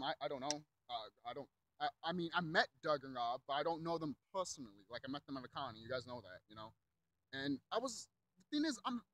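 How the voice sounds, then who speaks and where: Young guy ranting mad, lots of swearing, high voice jumping all over, dry sound. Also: a bit bright, dry recording, poor audio. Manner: heated, profane, repeats himself, mocks others in put-on voices. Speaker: YouTube commentator. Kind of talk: angry rant.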